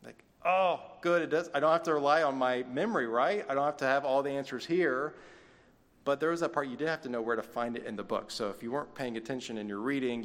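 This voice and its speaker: Pastor preaching in a reverberant hall. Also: male voice, mid-range voice, fairly bright tone. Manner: conversational, folksy asides. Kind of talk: sermon. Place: church sanctuary. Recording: long reverb of a church hall.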